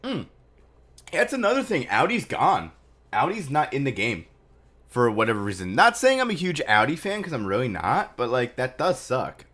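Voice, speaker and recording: A man's voice: medium pitch, huge pitch swings, normal speed, a bit bright. A man chatting casually on a live stream, loose and rambling with lots of fillers.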